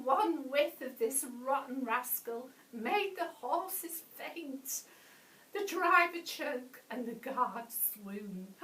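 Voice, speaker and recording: A woman reading a bedtime story to children, animated, with gasps and playful asides. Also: high voice, slow pace, recorded from a distance. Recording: echoey room, voice off-mic.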